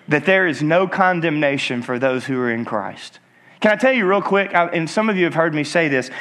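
Energetic male preacher, rising and falling, constantly calls on the congregation. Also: a little high. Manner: call-and-response exhortation; lively, swinging between emphatic and hushed. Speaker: pastor. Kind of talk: sermon.

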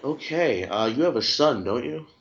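A man hosts a casual podcast with crude jokes and rambling asides. His voice sits at an ordinary middle pitch. The recording sounds dull and lo-fi, with the highs cut off. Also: expressive, normal speed, vocal fry. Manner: crude, joking, rambling with fillers. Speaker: podcast host. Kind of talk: casual joking chat.

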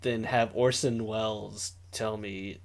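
A man co-hosting a podcast in casual chat, rambling with lots of fillers and animated asides. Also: on the low side, takes it slowly. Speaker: podcast co-host.

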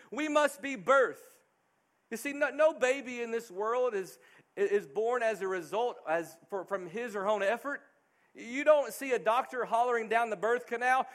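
Middle-aged man, pastor preaching, earnest, emphatic, high voice. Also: a bit bright. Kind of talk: sermon.

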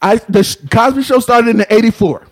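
A man's voice: very high-pitched, fairly quick, a little hiss or hum. A man co-hosting a podcast, arguing heatedly, swearing and talking over others. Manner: argumentative, profane, talks over others. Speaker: podcast co-host. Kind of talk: heated casual debate.

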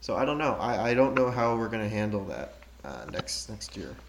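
Young man, podcast host, hesitant, soft-spoken, lowish voice. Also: big pitch swings, fairly quick, a little hiss or hum. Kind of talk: casual chat.

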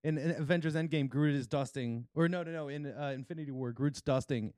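A man co-hosting a casual comedy podcast, laughing often, swearing and jumping in with quick reactions. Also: fairly high pitch, darkish tone, dry recording, studio quality. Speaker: podcast co-host.

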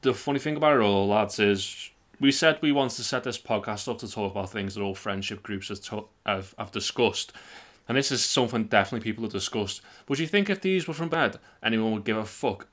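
A man's voice: on the low side, brisk, fairly bright tone. A man hosting a podcast, teasing his friends and joking in casual chat. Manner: jokey, teasing. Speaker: podcast host.

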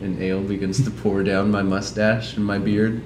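A man's voice: fairly low pitch, level tone, moderate pace. A man playing a tabletop game, playful and showy. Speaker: player. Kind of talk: casual tabletop play. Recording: echoey room with background noise.

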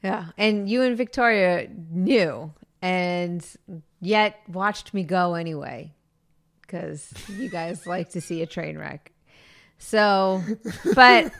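A woman's voice: mid-range voice, animated, measured pace, fairly bright tone. A woman co-hosting a podcast, chatting in an easygoing, self-deprecating way. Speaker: podcast co-host. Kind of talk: casual chat.

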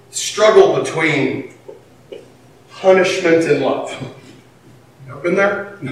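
A man with a high voice delivers an animated sermon. He drops low, then rises to a shout, with a laugh here and there. He is heard from a distance in a very echoey hall with faint noise behind. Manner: animated, swings from quiet to shouting, laughs between lines. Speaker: pastor.

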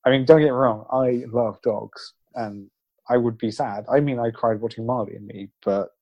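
Male podcast host, playful, teasing, mid-pitched voice. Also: fairly even intonation, moderate pace, highs cut off. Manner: playful, teasing, thinks aloud with restarts. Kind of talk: casual podcast chat.

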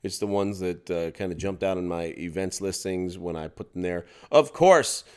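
A man's voice: low-pitched, little pitch movement, moderate pace, dark tone, clear, resonant tone. A man co-hosting a podcast, chatting casually about local events and tending to ramble and restart his sentences. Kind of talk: casual chat.

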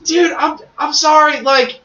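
Excitable high-voiced man, echoey lo-fi. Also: a little slow, soft background music. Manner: excitable, swears freely, heavy use of "like". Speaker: podcast co-host. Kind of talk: casual chat about pro wrestling. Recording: echoey, muffled lo-fi audio.

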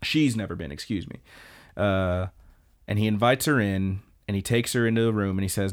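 A man with a fairly low voice hosts a podcast, walking through story scenes in a relaxed, conversational recap. Now and then he bursts into excited, joking asides. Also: brisk, clear, resonant tone. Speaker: podcast host. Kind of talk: casual episode recap.

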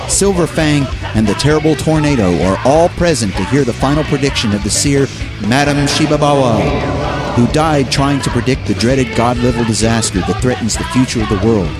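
A man co-hosting a show, reading anime episode summaries and joking with his co-host in a playful, animated way. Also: medium pitch. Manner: animated, playful, quick to laugh. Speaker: podcast co-host. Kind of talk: anime news roundup and casual banter.

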